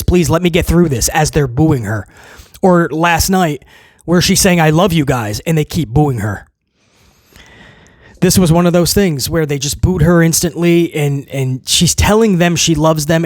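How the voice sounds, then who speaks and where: A man's voice: a little high, no room sound, studio quality. Blunt, emphatic man reviewing wrestling. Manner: blunt, emphatic, piles up repeated phrases. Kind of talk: casual spoken review.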